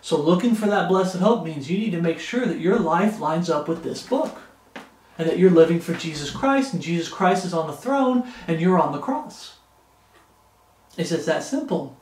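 High-voiced preacher man in an echoey room. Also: lively intonation, normal speed, a little mellow. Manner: earnest, pleading preaching. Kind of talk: sermon.

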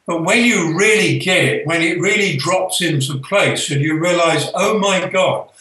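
Older man telling a story, echoey and distant. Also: a little high. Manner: gentle, earnest, halting with fillers. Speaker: spiritual author and guest. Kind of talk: storytelling, reflective. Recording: echoey room, distant from the mic.

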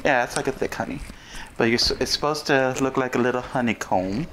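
A man's voice: mid-range voice, a little fast, fairly bright tone, a little hiss or hum, rough recording. A man chatting casually on a video, joking around and laughing often. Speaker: video co-host. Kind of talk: casual chat.

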